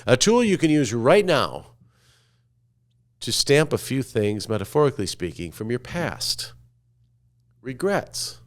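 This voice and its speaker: Animated man guiding listeners through imagery. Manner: slow, coaxing, asks listener to picture scenes; drops to a hushed low voice at the ends of phrases. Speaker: podcast host. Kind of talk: storytelling with guided imagery.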